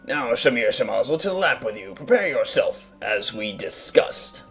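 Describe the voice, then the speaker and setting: A man voicing a scheming male villain vizier in a fan reading of a game scene, speaking low and quiet. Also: very animated, normal speed, vocal fry, faint music behind.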